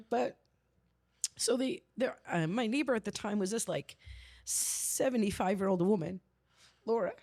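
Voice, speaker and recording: A woman's voice: a little high, a little slow, pauses often, darkish tone. A woman in her forties from the American Midwest, a podcast host telling a story in a chatty, emotional way. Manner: chatty, emotional, acts out quotes. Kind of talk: casual conversational storytelling.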